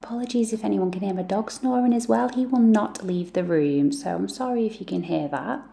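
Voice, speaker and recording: A woman's voice: medium pitch, brisk, creaky, mellow. A woman, a mum and beauty vlogger, talking through her makeup routine in a chatty, self-deprecating way. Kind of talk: makeup tutorial chat.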